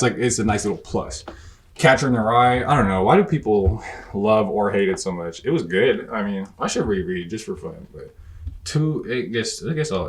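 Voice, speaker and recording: A young man with a slightly low voice gives a relaxed bookshelf tour. His talk is slangy and profane, and he rambles, cutting himself off and restarting. The delivery is offhand and conversational. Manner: rambling, self-interrupting. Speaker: book reviewer host. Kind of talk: casual bookshelf tour chat.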